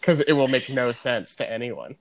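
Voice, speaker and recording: A man's voice: medium pitch, expressive, normal speed, vocal fry, dry recording. A man co-hosting a podcast, chatting casually and rambling with restarts. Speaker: podcast co-host. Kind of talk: casual chat.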